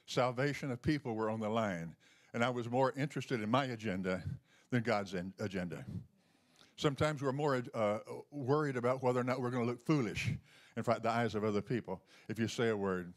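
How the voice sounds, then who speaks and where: A man's voice: mid-range voice, a little fast. Folksy man giving a testimony. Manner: folksy storytelling with chuckles and fillers. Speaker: lay healing minister. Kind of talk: testimony sermon.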